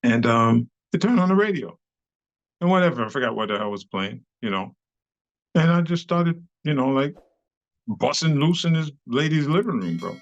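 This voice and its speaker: A man's voice: mid-range voice, moderate pace. New guy in his 50s telling old club stories, lots of bro and cussing, mid voice, kinda dull lo-fi audio. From New York City. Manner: animated storyteller, slangy and profane, acts out quoted people. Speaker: guest, club dancer. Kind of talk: casual storytelling interview. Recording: slightly dull lo-fi recording.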